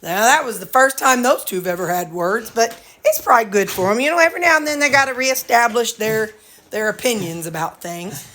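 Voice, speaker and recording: A woman's voice: fairly high pitch, lively intonation, fairly quick, fairly bright tone. A woman vlogger cooking at home in a casual, folksy way, chatting to her viewers and dogs. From Missouri, USA. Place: home kitchen. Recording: echoey kitchen with sizzling skillet.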